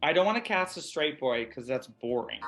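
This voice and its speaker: A man's voice: fairly high pitch, very animated, normal speed, a bit bright, soft background music. An American man, an actor guest, chatting expressively and casually in an interview. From USA.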